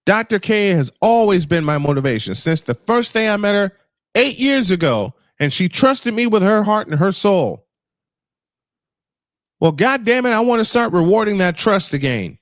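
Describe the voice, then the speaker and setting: A man's voice: sits high, big pitch swings, moderate pace, no room sound, studio quality. Angry, frustrated man in his fifties. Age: 50s. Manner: angry, frustrated, profane outbursts; emphatic repetition. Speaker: livestream host. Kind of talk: emotional personal monologue. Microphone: camera off, voice only.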